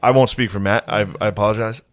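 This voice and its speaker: Male podcast co-host, 30s, low voice, deadpan and offhand delivery, dry close-mic sound. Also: fast, no room sound. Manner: deadpan, offhand, swears a lot. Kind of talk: crude comedic banter.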